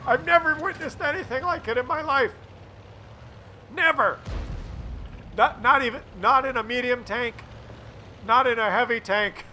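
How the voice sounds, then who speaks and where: A man commentating a tank game replay, animated and loud at big moments. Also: very high-pitched, a little hiss or hum. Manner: animated, shouts and laughs at big shots. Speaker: gameplay commentator.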